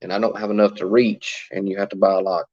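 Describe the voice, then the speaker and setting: In a quick, flat delivery, a man with a fairly low, darkish, breathy voice runs a casual phone livestream. He chats, answers viewers' comments, and welcomes them by name, though the audio is dull.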